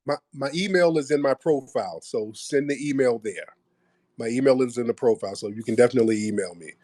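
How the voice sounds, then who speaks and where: A man's voice: mid-range voice, fairly quick, a little mellow, no echo, studio quality. A man hosting a live call-in audio show, blunt and joking. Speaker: host.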